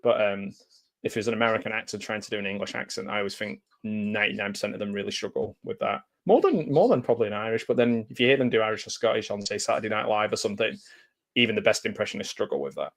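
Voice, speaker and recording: A man giving live watch-along reaction commentary on a TV episode, chatty and jokey, with excited outbursts and laughs. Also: fairly low pitch, fast talker. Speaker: commentary host.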